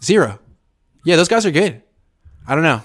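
A man hosting a casual live sports chat, reading viewer comments and giving sarcastic, animated takes. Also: moderate pace. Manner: animated, sarcastic, jumps up in pitch for emphasis.

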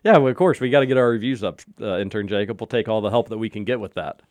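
A man's voice: lowish voice, fast, no echo. A man hosting a sports talk show, chatty and jokey with his co-hosts. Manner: animated, jokey, talks over others. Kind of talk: casual sports podcast chat.

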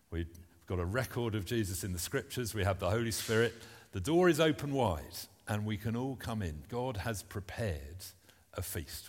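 A man's voice: fairly low pitch, big-room sound. A man preaching a sermon at a church service, earnest and plain-spoken, reading scripture aloud between his points.

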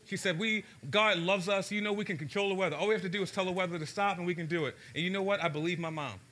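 This Baltimore preacher delivers a sermon to a live crowd, asking them questions and varying his pace to emphasize his storytelling. He speaks in a high-pitched, slightly bright voice, steady in tone and rapid-fire.

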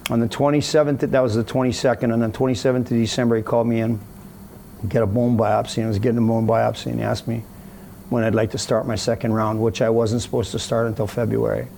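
A man with a gravelly, mellow voice tells a story in a casual interview, faint background noise behind him. He is animated and mimics the people he quotes. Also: medium pitch, quick pace. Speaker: guest telling a story.

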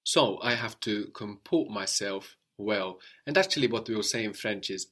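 Male tutor, slightly low voice, calm explainer who quizzes the learner. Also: normal speed, hardly any pauses. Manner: patient, explanatory, prompts the student with questions. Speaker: language teacher. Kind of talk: interactive language lesson.

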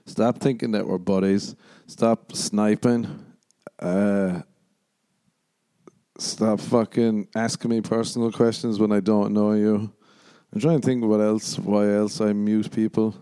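A man's voice: on the low side, little pitch movement, takes it slowly, warm tone, smooth, dry recording. Profane, sardonic male podcast host. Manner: profane, sardonic, rambling, mocking voices. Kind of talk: casual solo rant.

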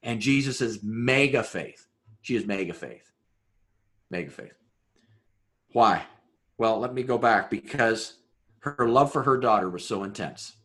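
A man preaching a sermon, building through rhetorical questions and dropping to a hushed voice for emphasis. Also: medium pitch, measured pace. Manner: dramatic rhetorical questions, swings between loud and hushed. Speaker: pastor.

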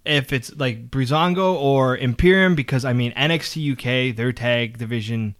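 A man's voice: medium pitch, moderate pace. A man co-hosting a casual chat show who recaps wrestling step by step and often restarts with "um". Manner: steady storyteller, restarts often with "um". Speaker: podcast co-host.

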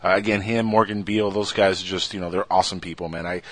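Fast-talking man telling animated stories. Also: low voice. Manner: animated storyteller; acts out other people's voices when quoting them. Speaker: guest, radio show co-host. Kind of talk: casual podcast chat.

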